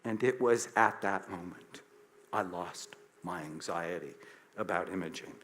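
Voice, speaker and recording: A man around sixty from the United States, a psychiatrist telling a story in a lecture, acting out the dialogue with lively shifts in pitch and loudness. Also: a little slow, a little hiss or hum. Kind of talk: storytelling talk to an audience.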